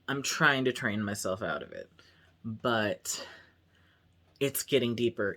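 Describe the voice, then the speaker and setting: Young trans man, vlogger, rambling and candid, mid-pitched voice. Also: a bit bright. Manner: talks openly and freely about his body. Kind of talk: casual vlog monologue.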